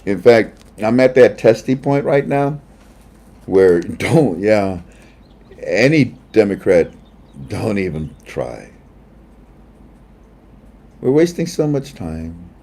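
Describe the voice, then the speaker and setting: A ranting man hosting an online talk show, his voice swooping from low mutters to loud jabs. The tone is dark and mellow, and he scoffs and chuckles at the people he mocks. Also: expressive, slow pace, long pauses. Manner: heated, mocking, laughs at his own jabs. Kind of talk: ranting political commentary.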